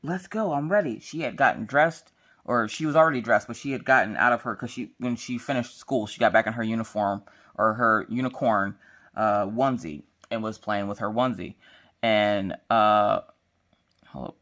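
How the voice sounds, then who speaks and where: A woman's voice: rumbling low, moderate pace, fairly bright tone. Playful, slangy woman telling a story. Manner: acts out quotes in changing voices. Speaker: diamond painting craft vlogger. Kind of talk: casual chat while crafting.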